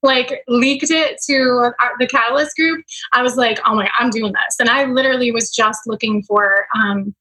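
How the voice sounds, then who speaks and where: A woman's voice: a little high, steady tone, moderate pace, hardly any pauses, bright, forceful tone, low-quality recording. A woman coach as a podcast guest, speaking in an earnest, reflective way and laughing easily. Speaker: guest, mindset and business coach. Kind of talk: casual podcast conversation.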